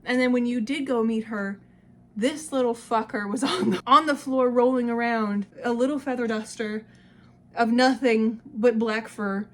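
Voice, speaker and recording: A woman's voice: fairly high pitch, steady tone, moderate pace, slight background noise. Emotional young woman vlogger. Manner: emotional, laughs and cries easily, swears casually. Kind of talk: casual vlog, talking to her past self.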